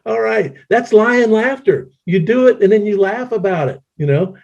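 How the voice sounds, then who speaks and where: A man's voice: high voice, expressive, normal speed, gravelly, darkish tone. A man in his sixties giving a casual online laughter yoga presentation, joking playfully and breaking into laughter, recorded on a home computer mic with dull lo-fi audio. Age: 60s.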